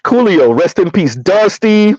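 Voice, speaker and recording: A man's voice: a little high, lively intonation, measured pace, darkish tone, no room sound. A middle-aged man, ranting in a casual comedic way and laughing often, with a sing-song lift on his repeated punchline. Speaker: commentary vlogger. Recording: dry, dull lo-fi recording.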